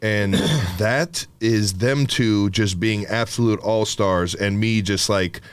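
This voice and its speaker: A man's voice: lowish voice, slow, smooth, dry recording. A man co-hosting a podcast, talking in a rambling, casual way full of fillers and swearing. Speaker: podcast co-host.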